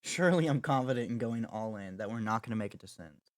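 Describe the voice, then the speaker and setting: A man's voice: medium pitch, lively intonation, fast, dry recording, studio quality. A young man chatting casually with his livestream chat while gaming, joking and making dramatic mock apologies. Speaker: streamer.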